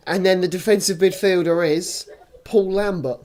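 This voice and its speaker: A man's voice: high voice, steady tone, moderate pace, darkish tone. Rambling young man on a podcast. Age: young adult. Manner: rambling, teasing, hesitant with many fillers. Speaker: podcast co-host. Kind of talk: casual chat.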